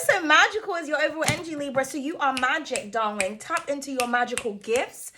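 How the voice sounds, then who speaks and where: A woman's voice: sits high, expressive, fairly quick, few pauses, pushed and bright, slight background noise. A young woman giving a casual tarot reading to her viewers, playful and loose, swearing freely and calling them darling. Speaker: tarot reader.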